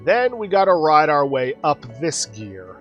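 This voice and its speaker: A man's voice: fairly high pitch, big pitch swings, unhurried, lo-fi sound, faint music behind. A man hosting a let's play, explaining the game step by step as he plays. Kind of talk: casual game commentary.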